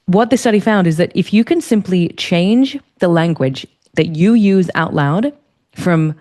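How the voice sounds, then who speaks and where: A woman, a leadership strategist, speaking as an interview guest and explaining ideas clearly and fluently. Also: on the low side, unhurried. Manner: articulate, warm, explanatory. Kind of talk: conversational interview.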